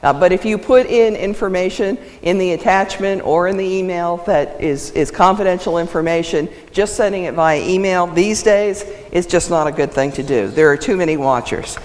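A woman's voice: lowish voice, moderate pace, few pauses. Emphatic woman lecturing in a reverberant hall. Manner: lively, emphatic, laughs often. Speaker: conference speaker on legal ethics. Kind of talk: lecture presentation.

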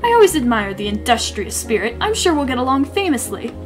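A woman's voice: fairly high pitch, sing-song, brisk, music in the background, pitched below the performer's own voice. A woman reading as a suave scheming shopkeeper.

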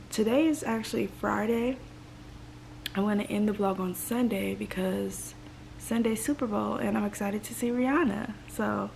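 A woman's voice: medium pitch, vocal fry, a little mellow, a little hiss or hum. A young woman from Los Angeles vlogging casually while sick and congested, rambling and emotional. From Los Angeles, United States. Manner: rambling, talks in reported thoughts. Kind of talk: casual vlog talk.

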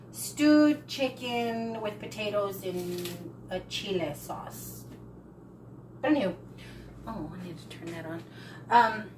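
A woman's voice: a little high, background noise. Woman vlogger soothing a cat outdoors. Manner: soothing, talks softly to a birthing cat. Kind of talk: casual vlog talk to viewers. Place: backyard outdoors. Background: cats meowing.

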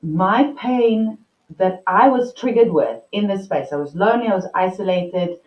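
A woman's voice: mid-range voice, animated, normal speed. A woman hosting an interview on a video call, enthusiastic and emotionally open as she shares her own experience. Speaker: host. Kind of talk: conversational interview. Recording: echoey distant muffled sound.

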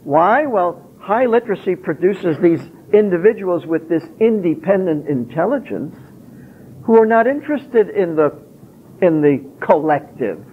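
Husky high-voiced man lecturing. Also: animated, measured pace. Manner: emphatic, asks rhetorical questions and answers them. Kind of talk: public lecture. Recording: tinny lo-fi phone-like recording.

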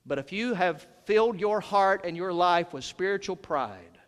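A male senior pastor preaching with force, rising to shouts and then dropping to hushed, low lines. His voice sits high for a man. The sound rings through a large, reverberant church sanctuary. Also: lively intonation, normal speed. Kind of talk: sermon. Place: church sanctuary during a worship service.

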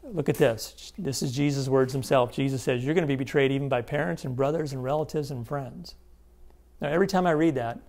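A man's voice: mid-range voice, brisk, a little mellow. A man giving an emphatic Bible teaching seminar, often checking in with his listeners. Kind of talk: sermon-style seminar teaching.

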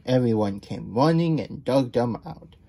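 A man's voice: medium pitch, lively intonation, a little slow, mellow, breathy edge. A man reading a children's picture book aloud for nap time, stopping for chatty asides about himself in the third person. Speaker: children's story reader.

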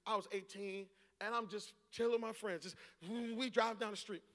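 A pastor in his forties preaching a sermon, telling a story and rising into shouts and laughter. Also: high-pitched, steady tone, normal speed. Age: 40s. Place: large church hall. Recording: long hall reverb.

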